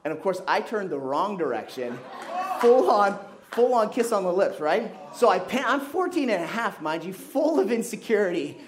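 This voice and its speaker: Animated youth pastor who grew up in Kenya. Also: male voice, high voice, moderate pace, a crowd in the background. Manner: animated storytelling, jokey asides. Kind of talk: sermon.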